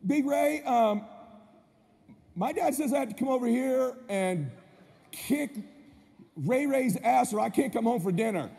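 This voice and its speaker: A man's voice: very high voice, lively intonation, measured pace, creaky, long pauses, mellow, slightly rough, exaggerated voice. A man doing a timid, stammering little boy. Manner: hesitant, stammering. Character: timid seven-year-old boy. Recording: echoey hall with faint noise.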